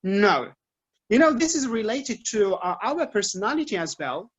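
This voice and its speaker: A man with an Algerian accent giving an informal English lesson, explaining points in a lively way with frequent fillers. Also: high voice, moderate pace, husky, muffled recording. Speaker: English teacher giving a talk. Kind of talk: informal lecture to students.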